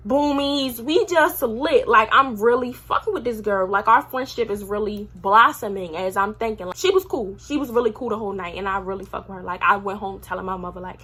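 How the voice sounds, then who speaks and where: Bright, husky young woman telling stories. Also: mid-range voice, a little fast, hardly any pauses. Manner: animated, slangy and profane, swinging from loud to muttered asides. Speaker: vlogger. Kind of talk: casual storytime monologue.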